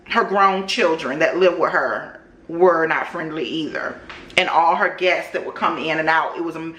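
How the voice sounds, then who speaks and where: An animated woman vlogger chats to her viewers as she tells a long story, her voice bright and forward. The room around her camera microphone rings with a clear echo. She talks to them like she is catching up with friends. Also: sits low, normal speed, slight background noise. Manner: animated, chatty, addresses viewers as y'all. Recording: roomy echo.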